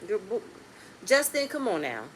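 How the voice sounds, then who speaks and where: Animated blunt woman reviewing reality TV. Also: medium pitch, normal speed, slight background noise. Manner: animated, blunt and swearing, swings between loud and quiet. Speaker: reality TV recap host. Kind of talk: casual episode review.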